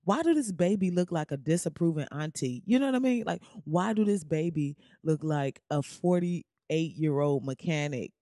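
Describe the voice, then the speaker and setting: Young woman podcast host, loose comedic rant, slangy and animated, dry close mic. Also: sits low, moderate pace, hardly any pauses, no echo. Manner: animated, slangy, beatboxes and riffs.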